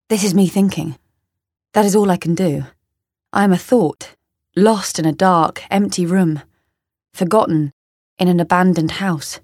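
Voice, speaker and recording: Hushed, bewildered woman narrating in first person. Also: fairly low pitch, moderate pace, pauses often, dry recording, studio quality. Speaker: audiobook reader.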